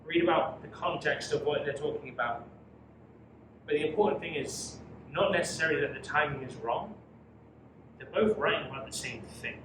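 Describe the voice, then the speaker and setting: Man teaching a youth Bible study, emphatic, fairly high voice, echoey room, distant mic. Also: moderate pace. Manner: emphatic, dramatic reading of scripture, asks "okay?". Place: church room. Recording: echoey room from far off with noise.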